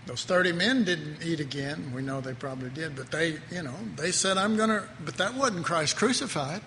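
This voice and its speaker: A man's voice: on the high side, animated, moderate pace, pushed and bright. A man preaching a sermon in a loose, conversational way, often breaking off and chuckling at his own asides. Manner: conversational, self-interrupting, laughs at own jokes. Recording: echoey hall, faint noise.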